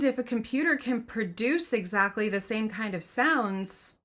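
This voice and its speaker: A woman's voice: a little high, lively intonation, a little slow, fairly bright tone. A woman podcast host reading passages from a novel aloud and commenting on them in a thoughtful, conversational way.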